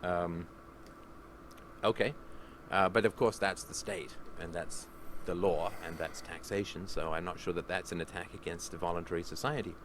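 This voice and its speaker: A man's voice: deep voice, fairly even intonation, normal speed, a bit bright, a little hiss or hum. A man hosting a Q&A podcast, talking in a sardonic, joking, digressive monologue. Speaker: podcast host answering listener questions.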